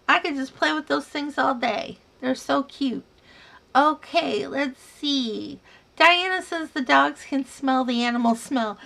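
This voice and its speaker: A high-voiced woman chats through a yarn livestream at home. She takes her time, reads viewer comments one by one, and answers each with a friendly "dear" or "sweetheart.". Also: gravelly, fairly bright tone. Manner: chatty, calls viewers dear, sweetheart and honey. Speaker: yarn crafting livestream host. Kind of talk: casual live chat reading viewer comments.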